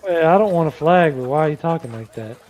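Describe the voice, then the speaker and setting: A man's voice: fairly high pitch, animated, fast, lo-fi sound, a little hiss or hum. A man taking part as a player in a tabletop role-playing game, answering casually and partly in character.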